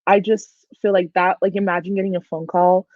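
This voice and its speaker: A chatty young woman talks through a book with a friend, animated and filler-heavy. Her voice comes through dry and thin, like a phone line on a video call. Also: fairly low pitch, a little fast, dry recording. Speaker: book channel host. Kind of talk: casual book discussion livestream. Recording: dry, tinny phone-like audio.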